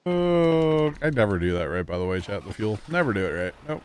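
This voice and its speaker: A man's voice: on the low side, very animated, brisk, hardly any pauses, a little mellow, a little hiss or hum. A man hosting a gameplay livestream, chatting and joking with viewers and teammates. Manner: chatty, jokey, talks to viewers. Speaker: livestream host. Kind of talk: casual gameplay chat.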